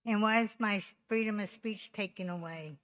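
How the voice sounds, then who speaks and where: A woman's voice: medium pitch, moderate pace, a bit bright. A woman voices an unscripted complaint at a council meeting. She is insistent and aggrieved, and she repeats and restarts her phrases as she goes. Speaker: tribal member speaking at council. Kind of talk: unscripted public comment.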